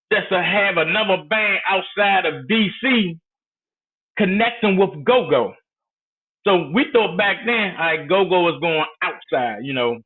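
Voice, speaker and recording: A man from Maryland telling stories as a guest in casual, laid-back street talk. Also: high-pitched. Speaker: guest, music collector. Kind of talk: casual storytelling. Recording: tinny phone-like line.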